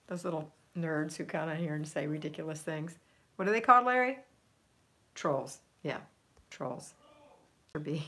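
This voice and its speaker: A middle-aged woman hosting a home organizing livestream chats upbeat with viewers, reading their comments aloud, laughing, and trailing off with ums. Her voice is fairly low in pitch with a fairly bright tone.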